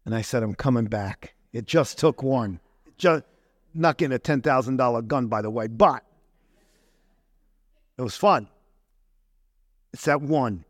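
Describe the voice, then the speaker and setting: A man's voice: mid-range voice, measured pace, pauses often, no echo, clean studio sound. A man pastor preaching a conversational sermon, full of rhetorical questions and asides to the congregation.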